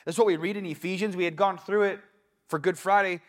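In a church sanctuary, a young adult pastor preaches a casual, conversational sermon, slipping into quoted asides. His voice sits high, with fairly even intonation, and he talks fast.

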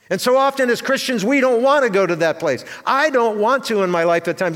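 A man's voice: high voice, lively intonation, brisk, few pauses, a bit bright. A man preaching a sermon to his congregation, earnest and full of rhetorical questions. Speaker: pastor. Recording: long hall reverb.

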